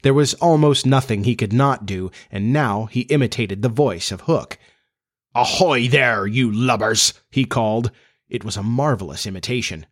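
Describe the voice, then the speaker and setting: A man narrating a children's storybook in a steady, measured reading voice. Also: lowish voice.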